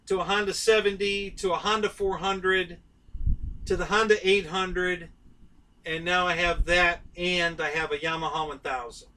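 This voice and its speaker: Male stream host: high, bright voice, loose rambling storytelling, a bit distant from the mic. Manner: rambling, chatty, with lots of fillers and restarts. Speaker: host of a live stream about model aircraft. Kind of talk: casual storytelling on a live stream.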